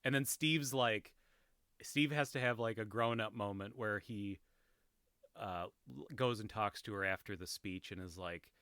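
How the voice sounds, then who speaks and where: A man's voice: on the low side, measured pace, fairly bright tone, smooth, no room sound, studio quality. A man hosting a podcast, casually recapping a TV episode in a rambling, amused way, full of fillers and restarts. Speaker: podcast host.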